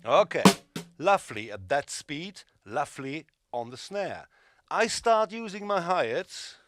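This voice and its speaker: An emphatic male drum teacher who counts beats and calls right and left hands aloud, with blunt asides. His voice sits a little high and swings widely in pitch. The sound is dry and close, with no room echo. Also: big pitch swings, unhurried, fairly bright tone, soft background music. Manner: opinionated, dismissive asides. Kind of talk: instructional drum lesson.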